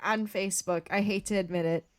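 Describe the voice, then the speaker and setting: A woman's voice: mid-range voice, steady tone, a little fast, dry recording, clean studio sound. A woman co-hosting a movie podcast, chatting casually and swearing freely. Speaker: podcast co-host. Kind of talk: casual chat.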